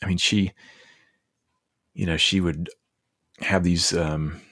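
A middle-aged man telling heartfelt stories as a podcast guest, halting and restarting often. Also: sits low, fairly even intonation, a bit bright. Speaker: podcast guest, leadership coach. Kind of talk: casual interview storytelling.

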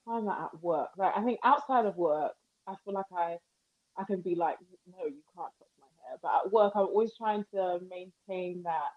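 A young woman speaking thoughtfully and softly in a casual group chat. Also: mid-range voice, normal speed, no echo, dull audio.

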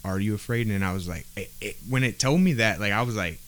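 A man's voice: on the low side, fast talker, fairly bright tone, a little hiss or hum. A man on a podcast, telling a personal story in casual street slang, with lots of "bro" and "like" fillers. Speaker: podcast guest.

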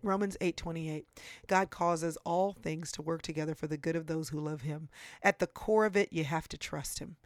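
A woman in her forties, speaking as an author and guest in an interview on faith and prayer, talking in an earnest, animated, preacherly way. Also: deep voice, moderate pace, no room sound, clean studio sound. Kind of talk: faith-based conversational interview.

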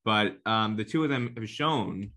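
A man's voice: lowish voice, a little slow, bright, forceful tone. A man from New Jersey in casual conversation, talking at length and acting out quoted critics in a raised, mocking voice. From New Jersey, United States.

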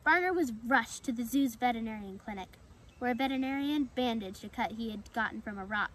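A woman reading a children's animal story aloud in a steady storytelling way. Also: fairly high pitch, a little fast, low-quality recording. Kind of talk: storybook read-aloud narration.

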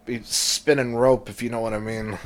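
A man's voice: mid-range voice, level tone, normal speed. A man co-hosting a podcast, cracking jokes in crude casual banter in a studio. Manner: joking, drops silly put-on voices. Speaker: podcast co-host.

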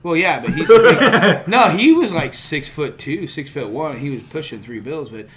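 A man's voice: fairly high pitch, moderate pace, crowd noise. A man in his thirties, an army veteran, telling war stories with lots of swearing in casual podcast chat. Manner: animated storyteller, swears a lot.

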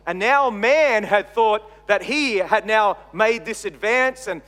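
Middle-aged Australian male pastor, high voice, dynamic sermon delivery, recorded with long hall reverb. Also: slow. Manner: expressive preaching, swinging between loud emphasis and quiet asides.

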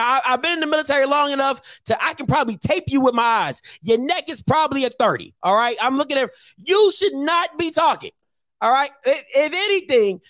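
A man with a very high voice hosts a heated call-in show. He is blunt and confrontational and hammers his points home by repeating them. The sound is dry and close. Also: fairly bright tone, dry recording.

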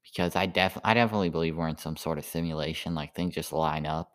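A sleepy man rambling through a halting stand-up style monologue full of "like" fillers. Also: rumbling low, steady tone, a bit bright.

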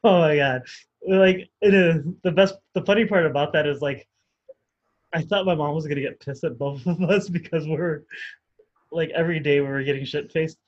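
A man's voice: a little high, normal speed, highs cut off. A man co-hosting a podcast, telling a story in a rambling, hesitant way with laughs. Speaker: podcast co-host. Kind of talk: casual storytelling chat.

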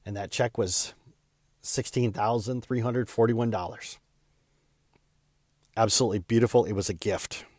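A man, a real estate agent, telling a heartfelt personal story in an earnest way that speeds up and slows down with emotion. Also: fairly low pitch, steady tone, a little mellow, no room sound, studio quality.

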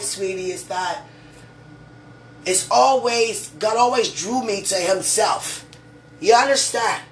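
Slow-talking woman, echoey and far off. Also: medium pitch. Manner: rambling, full of "you know"; fervently religious, gushing. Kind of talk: casual chat to a partner. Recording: echoey room, far from the mic, steady background noise.

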